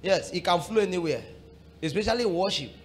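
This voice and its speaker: A middle-aged man preaching a sermon as pastor, fervent, moving from murmured prayer to shouted exhortation. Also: high voice, animated, a little fast, soft background music.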